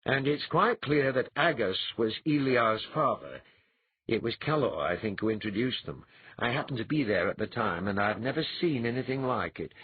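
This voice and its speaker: A man's voice: mid-range voice, lively intonation, normal speed, slightly rough, narrow, tinny audio. A man doing a hearty, genial old clan chief. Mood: reminiscing.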